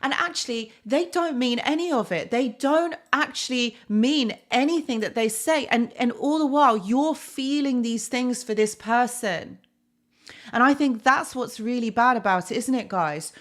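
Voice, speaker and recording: A woman's voice: fairly high pitch, moderate pace. A woman hosting a live stream, talking casually to her chat, with many fillers and tag questions.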